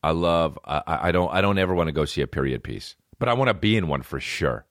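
A man's voice: sits low, fast, dry recording, studio quality. A man hosting a podcast, ranting in a profane, rambling, comedic monologue. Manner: profane, rambling, animated rants. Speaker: podcast host.

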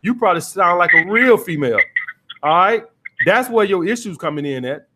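A man's voice: sits high, animated, a little fast, heavy background noise. A man hosting a call-in dating advice podcast, blunt and profane, repeating his points as he coaches a caller.

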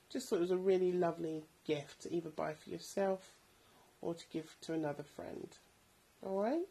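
A woman's voice: lowish voice, warm tone, husky, low-quality recording. A woman in her thirties hosting a podcast, chatting casually about bargain buys and rambling with plenty of ums. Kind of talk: casual product recommendations.

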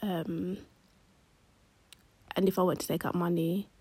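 A woman telling a personal story in a chatty, slangy vlog, often dropping into hushed asides. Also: lowish voice, little pitch movement, measured pace, breathy edge, no room sound. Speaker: vlogger.

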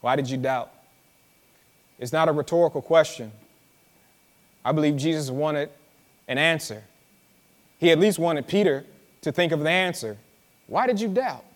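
A man with a fairly high-pitched voice serves as pastor, preaching a sermon in which he draws out words and repeats lines with dramatic slowness. Addressing the congregation conversationally, he tells them to listen. The sermon is recorded live, with hall reverb.

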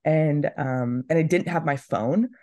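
Low-voiced chatty young woman. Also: unhurried, warm tone, no echo. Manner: chatty storytelling, many "like"s. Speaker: podcast co-host. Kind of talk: casual chat.

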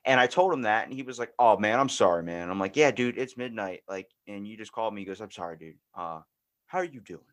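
A man's voice: on the low side, lively intonation, quick pace. A man hosting a podcast in casual chat, blunt and free with swearing, acting out past conversations. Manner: blunt, swears freely, acts out quoted exchanges. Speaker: podcast host.

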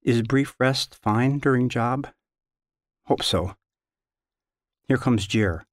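A man reading his own literary story aloud in a measured, halting first-person delivery, recorded close in a studio. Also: medium pitch, dry recording.

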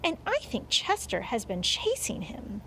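A woman voicing a brisk, harried mother in a storybook reading, sounding exasperated as she gives orders. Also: medium pitch, huge pitch swings, gravelly, bright, forceful tone, a little hiss or hum, exaggerated voice.

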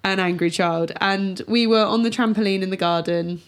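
A woman's voice: mid-range voice, steady tone, moderate pace, crowd noise. A woman chatting casually as an older sister, telling family stories with laughter. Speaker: podcast co-host, older sister. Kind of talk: casual chat.

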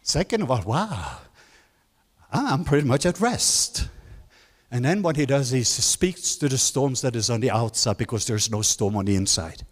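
A man preaching a sermon as guest speaker, leading the congregation in call-and-response and climbing to high, emphatic lines, with non-native English phrasing. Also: brisk, hardly any pauses. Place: large church hall. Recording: church hall reverb.

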